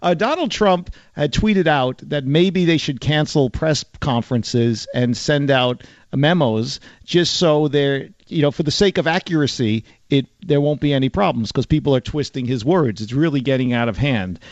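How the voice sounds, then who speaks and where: A man from the Bronx hosts a call-in radio show, joking and teasing his callers at a brisk clip. His voice sits slightly high and sounds dry and close, with a somewhat dulled, lo-fi quality. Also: no echo. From the Bronx, New York. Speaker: radio talk show host.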